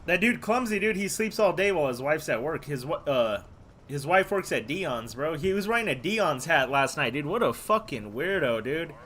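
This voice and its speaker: A brash male streamer rants in a bright, forceful voice, piling on curses and tossing "dude" and "bro" after almost every phrase. His tone stays scornful and mocking, and a faint hum sits quietly underneath. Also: fairly high pitch, big pitch swings, moderate pace. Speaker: gaming streamer. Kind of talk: casual live-stream rant.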